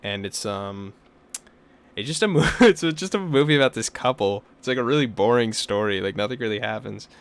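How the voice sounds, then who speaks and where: A man's voice: fairly low pitch, brisk, smooth. A young man co-hosting a podcast, telling stories and ranting with lots of swearing in casual chat. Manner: profane, animated storytelling with rants. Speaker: podcast co-host.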